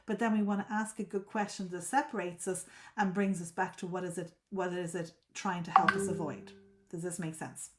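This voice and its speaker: A woman's voice: fairly low pitch, fairly even intonation, normal speed, a bit bright, a little hiss or hum. Woman, group coach, live video call, repeats and restarts words, checks in with listeners.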